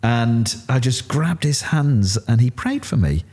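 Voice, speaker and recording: A middle-aged man with a Yorkshire accent, telling his story candidly in an interview and acting out what others said. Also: a little slow. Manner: animated, acts out quotes with rising pitch. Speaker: interview guest.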